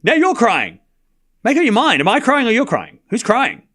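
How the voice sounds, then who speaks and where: A man with a very high, very animated voice and a fairly bright tone streams tennis late at night. In a chatty way, he gives casual play-by-play, calls scores quickly and banters back with his viewers.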